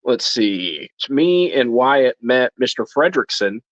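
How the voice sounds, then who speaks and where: A man's voice: medium pitch, big pitch swings, slow pace, fairly bright tone, no echo. A man co-hosting a casual live stream from home. He talks in a mid-range voice, wandering through his thoughts with constant ums and restarts. The sound is dry and a little dull. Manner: rambling, many fillers and restarts. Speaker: channel co-host.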